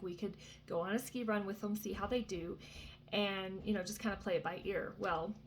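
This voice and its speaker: A woman's voice: medium pitch, a little hiss or hum. Earnest, chatty woman sharing faith testimony. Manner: chatty and earnest, many fillers and asides. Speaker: Christian vlogger. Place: vacation cabin indoors.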